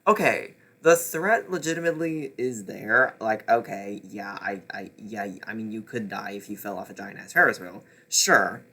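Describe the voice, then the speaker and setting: A man's voice: medium pitch, animated, normal speed, hardly any pauses, fairly bright tone. Exasperated man ranting about books. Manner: exasperated, sarcastic, swearing. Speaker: book reviewer. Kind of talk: casual ranting book review.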